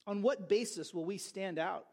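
A man preaching a sermon as pastor, in a conversational way with quick asides and restarts. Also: sits high, a little mellow.

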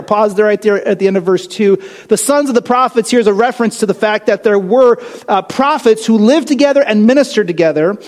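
A man preaching a sermon in a conversational, animated way, full of rhetorical questions and asides. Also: sits high. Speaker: pastor.

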